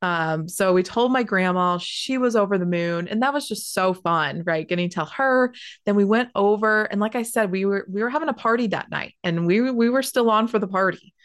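A young woman telling a personal story in a casual, animated way, full of "like" and quick asides. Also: mid-range voice. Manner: animated, chatty, heavy use of "like".

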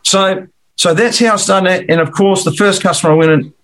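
Middle-aged Australian man, rambling storyteller, slightly high-pitched, relaxed interview guest. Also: brisk. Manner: rambling, repeats words, acts out quoted dialogue. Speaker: commercial finance broker guest.

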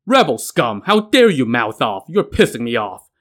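A man voicing an enraged old general and stern father who shouts and scolds, in a told story. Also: mid-range voice, sing-song, moderate pace. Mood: furious.

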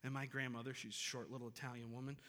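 A pastor preaching a Sunday sermon, talking conversationally and then building to emphatic, repeated phrases. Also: male voice, medium pitch, level tone, racing, bright, forceful tone. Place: church sanctuary. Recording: long reverb of a large hall.

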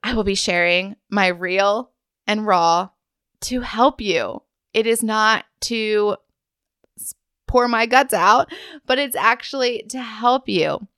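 A woman's voice: mid-range voice, takes it slowly, a bit bright, clear, resonant tone, dry recording, clean studio sound. Earnest woman hosting a faith podcast. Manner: earnest, heartfelt, addresses listener directly. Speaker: podcast host. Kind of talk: faith-based wellness podcast talk.

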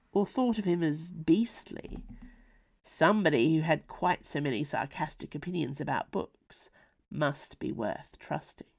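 A woman reading her own novella aloud in expressive, lively scripted narration. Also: low voice, creaky.

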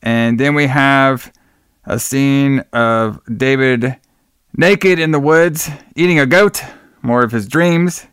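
A man's voice: mid-range voice, slow pace, a bit bright, clear, resonant tone, no echo, studio quality. Blunt American man reviewing a movie. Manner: blunt, profane, jokey, says "brother" a lot. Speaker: podcast co-host. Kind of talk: casual movie review chat.

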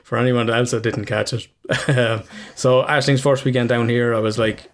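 A man's voice: mid-range voice, level tone, moderate pace. A man with an Irish accent, co-hosting a casual podcast chat, rambling, swearing freely and laughing at himself. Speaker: podcast co-host.

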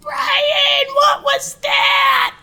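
A woman voicing a strict, nagging mother who scolds her grown son in a shrill, high voice. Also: completely flat delivery, drawn-out words, pushed and bright, raised voice, heavily acted. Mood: scolding. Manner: shrill, scolding, calls out from afar.

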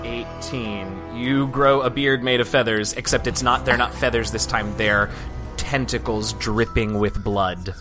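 A man's voice: medium pitch, steady tone, unhurried. Game master, male, mid-range voice, narrates with small restarts over background music. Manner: descriptive, with hesitant restarts.

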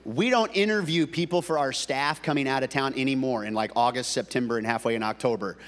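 A man's voice: medium pitch, brisk, fairly bright tone. A man preaching a sermon as pastor, folksy and joking, often stumbling and restarting his words. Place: church sanctuary. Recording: long reverb of a church hall.

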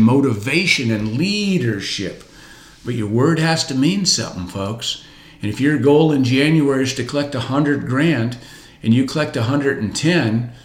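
Man, motivational business coach, blunt, repeats himself for emphasis, roomy echo. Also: mid-range voice. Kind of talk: motivational talk.

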